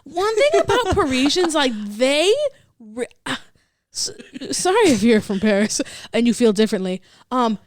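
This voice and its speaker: A woman's voice: high voice, very animated, dry recording, clean studio sound. A woman who is a podcast guest, chatting casually and often breaking into laughter. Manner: giggly, quick to laugh. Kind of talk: casual chat.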